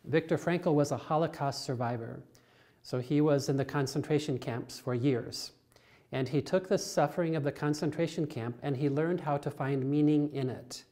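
A man, a priest, reading the Gospel and preaching a homily in church in a slow, measured way. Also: on the high side, dark tone. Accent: American.

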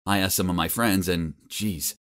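A man telling a first-person animated story in an expressive, jokey, self-deprecating way. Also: low voice, normal speed. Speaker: narrator.

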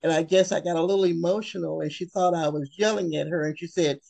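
Earnest woman speaker, gravelly voice, slow heartfelt delivery, dry recording. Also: fairly low pitch, steady tone, mellow, dry recording. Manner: emotional, earnest, with long pauses. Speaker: webinar speaker. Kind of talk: heartfelt personal talk.

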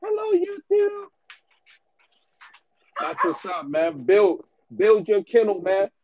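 A man's voice: high voice, measured pace, lo-fi sound, background noise. A man who breeds dogs, giving business advice in a casual rant to the camera, slangy and repetitive, often ending lines with "bro" and "man".

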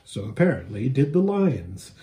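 A man, a pastor, reading a children's book aloud in an expressive, animated storytelling manner. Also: medium pitch, moderate pace.

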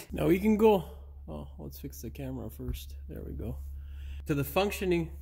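A man's voice: a little high, sing-song, moderate pace, creaky, darkish tone, husky. Swearing, laughing DIY car-repair man. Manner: swears and laughs at his own flubs; upbeat sign-off patter. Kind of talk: how-to narration with bloopers. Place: driveway or garage.

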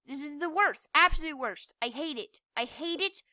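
A young woman playing a game and commenting, frustrated, swearing and yelling at it. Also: sits high, expressive, normal speed, dry recording. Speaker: gamer. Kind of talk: gameplay commentary.

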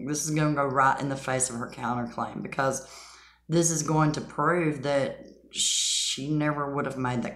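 A woman with a strikingly deep voice talks straight to her viewers in a chatty, emphatic way. She drops scoffing asides as she goes. The sound bounces around an echoey room. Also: fairly bright tone. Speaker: channel host. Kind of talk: casual commentary.

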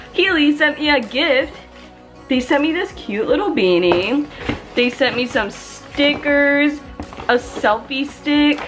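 A young woman vlogging casually, bubbly and chatty, filling her talk with "like" and "oh my gosh," recorded on a handheld camera. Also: on the high side. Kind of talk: casual vlog chat.

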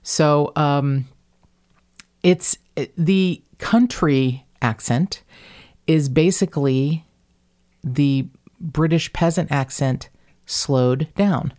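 A woman from Northern Kentucky with a slight accent from there, hosting a podcast and telling stories in a rambling, animated way. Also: sits low, drawn-out words, pauses often. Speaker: podcast host. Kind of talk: casual podcast chat.

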